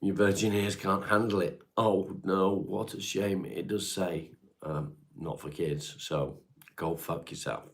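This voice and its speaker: This livestream host is a middle-aged man from England with a Devon accent, reading chat at home and answering viewers bluntly and casually, swearing freely. He talks in a low, creaky voice with a steady tone, never hurrying.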